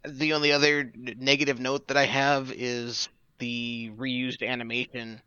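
A man's voice: mid-range voice, level tone, unhurried, bright, forceful tone, clear, resonant tone, dry recording. A man co-hosting a podcast who gives blunt, opinionated takes in casual chat. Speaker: podcast co-host. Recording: dull, dry lo-fi sound.

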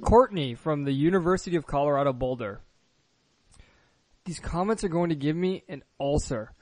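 A man's voice: a little high, expressive, moderate pace, darkish tone, no room sound. A man co-hosting a casual chat, reading viewer comments aloud with a playful, joking manner. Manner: playful, laughs often, reads comments aloud.

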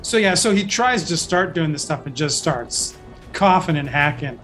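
Higher-voiced man running a tabletop game. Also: lively intonation, moderate pace, fairly bright tone, faint music behind. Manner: easygoing, decisive rulings. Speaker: game master.

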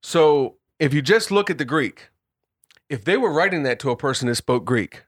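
A man's voice: on the high side, expressive, normal speed, no room sound, clean studio sound. A man leading a casual group Bible discussion, explaining word by word, often repeating and restarting phrases and breaking into laughter. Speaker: Bible study leader.

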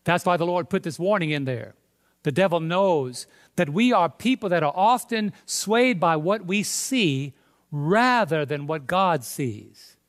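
Male preacher, New York accent, emphatic sermon delivery, high voice. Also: lively intonation, unhurried. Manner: emphatic, rising to loud stresses on key words. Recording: long hall reverb.

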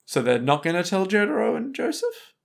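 A man with a lively, swooping voice chats as a podcast co-host. His pitch sits a bit high, and he throws in dry quips and jokey asides. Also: brisk, gravelly. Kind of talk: casual recap chat.

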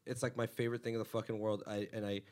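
Fast-talking comedian host from the Valley. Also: male voice, on the low side, flat delivery, a little mellow. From Los Angeles, San Fernando Valley. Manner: profane, rambling storyteller who slips into mock voices. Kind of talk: casual chat.

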